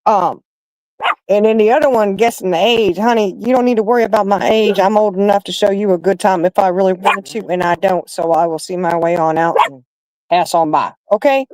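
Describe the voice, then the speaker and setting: A woman's voice: mid-range voice, fairly even intonation, a little fast, a little mellow, dry recording, poor audio. A middle-aged woman hosting a livestream and chatting casually, telling stories straight to her viewers. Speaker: livestream host. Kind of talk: casual chat.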